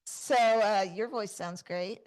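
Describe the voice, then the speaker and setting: A woman, co-hosting a podcast in casual chat and telling stories with lively acted-out exclamations. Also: medium pitch, slow pace. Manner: animated storyteller, acts out quoted exclamations. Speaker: podcast co-host.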